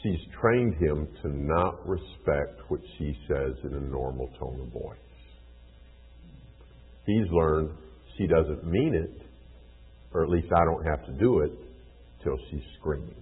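Deep raspy guy giving a lesson, super lively delivery, long echo. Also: slow, long pauses. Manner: animated storytelling, acts out scenes. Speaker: teacher of a class on child training. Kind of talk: informal lecture. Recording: tinny phone-like sound with long hall echo.

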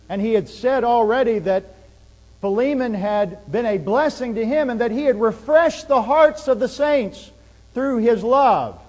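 A man's voice: fairly high pitch, a little mellow, long reverb tail, low-quality recording. A man preaching a sermon, earnest, with emphasis that rises and falls. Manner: earnest, rising and falling emphasis.

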